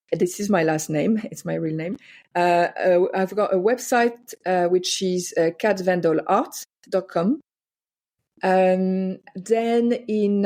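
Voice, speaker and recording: A woman's voice: fairly low pitch, a little mellow. A French woman with a French accent, a guest artist chatting in an interview, hesitant with many fillers. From France. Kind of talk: casual interview chat.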